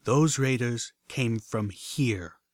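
A man reads a determined young female unicorn pony close to his own voice, quiet and insistent. Her lines sit at middle pitch in a dry, close storybook reading. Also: slow, no echo, natural voice.

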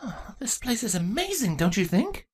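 A woman's voice: fairly high pitch, husky, pitched above the performer's own voice. A woman voicing a bookish, eager young female changeling princess in a storybook reading. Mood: enthusiastic. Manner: excitable, earnest, quick to gush about history and books.

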